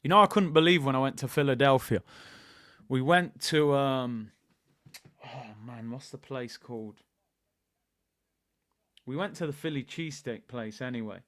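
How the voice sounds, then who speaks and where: A man's voice: mid-range voice, normal speed, long pauses, no echo, clean studio sound. A young man from hosting a football channel, chatting casually with jokey banter and slang. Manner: animated, jokey, slangy banter with put-on voices. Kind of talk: casual live-stream chat.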